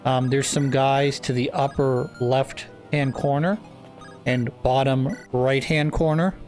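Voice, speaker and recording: A man giving casual, unhurried gameplay commentary, filling pauses with "um" and "uh". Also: on the high side. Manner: relaxed, with many fillers.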